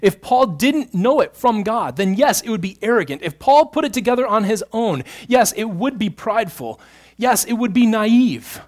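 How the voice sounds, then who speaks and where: Pastor, male, fairly high voice; preaches in swings from quiet and drawn-out to forceful and loud. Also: very animated. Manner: swings between hushed, slow stretches and loud, emphatic bursts. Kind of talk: sermon.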